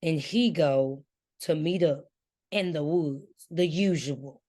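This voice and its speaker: A woman's voice: low voice, takes it slowly, dark tone. A woman co-hosting a casual book discussion, reacting expressively and acting out the characters' lines. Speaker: book review co-host.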